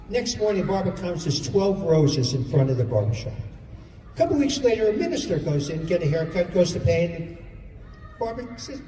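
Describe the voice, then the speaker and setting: A man's voice: sits high, big pitch swings, warm tone, a little hiss or hum. A male stand-up comedian rattling off classic jokes one after another, coaxing the audience to remember them. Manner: rapid-fire classic joke telling, coaxing the audience. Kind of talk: stand-up joke set. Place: live event hall with audience. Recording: distant mic in a reverberant hall with crowd. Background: audience laughter and room ambience.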